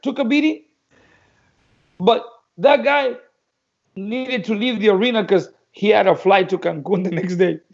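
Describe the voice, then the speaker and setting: A man's voice: very high-pitched, gravelly, muffled recording. A man, a guest on a talk show, telling boxing stories casually and acting out the dialogue. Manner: animated storyteller acting out dialogue. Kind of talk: casual storytelling.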